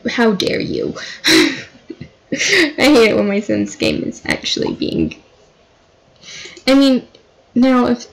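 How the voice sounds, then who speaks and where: A woman's voice: medium pitch, poor audio. A woman giving casual, chatty commentary while playing a life-sim game, dramatizing her characters' fights. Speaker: gameplay commentator.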